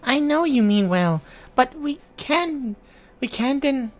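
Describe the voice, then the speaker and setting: A man's voice: very high-pitched, animated, takes it slowly, voice pushed up, full character voice. A man putting on a raised voice for a meek, gloomy young boy in a game, speaking timidly and hesitantly. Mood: pleading.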